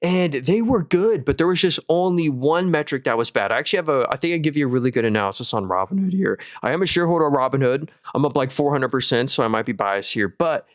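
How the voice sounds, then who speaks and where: A man's voice: mid-range voice, expressive, fast talker, hardly any pauses, no room sound, clean studio sound. A young man hosting a live stock market stream, talking casually and upbeat through earnings numbers, with fillers and restarts. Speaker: stock market livestream host.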